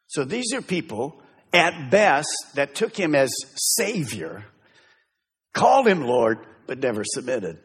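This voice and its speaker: A middle-aged man, a pastor, preaching a sermon with emphatic swings between loud exhortation and hushed intensity in a church. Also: a little high, sing-song, measured pace, slightly rough, in a large hall. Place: church sanctuary.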